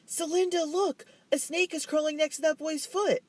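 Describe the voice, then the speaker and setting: A man's voice: mid-range voice, lively intonation, moderate pace, a little mellow, no echo, close to an everyday voice. A man reading aloud voices a bossy, stubborn older sister who talks sharply and insistently. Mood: exasperated.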